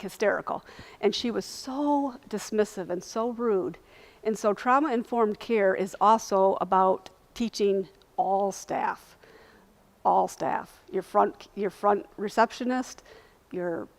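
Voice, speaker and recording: Woman, earnest storyteller, animated retelling, lunch talk speaker. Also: mid-range voice. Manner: earnest, animated retelling, acting out quoted voices. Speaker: invited speaker sharing lived experience.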